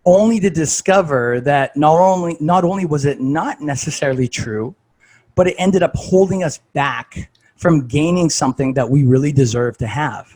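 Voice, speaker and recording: A man's voice: a little high, moderate pace, darkish tone, rough recording. A man talking casually as a fitness coach, conversational and full of "like" and "right?".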